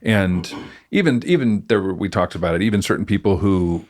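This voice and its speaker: A man co-hosting a podcast, making measured, thoughtful remarks in casual chat. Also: low voice. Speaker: podcast co-host.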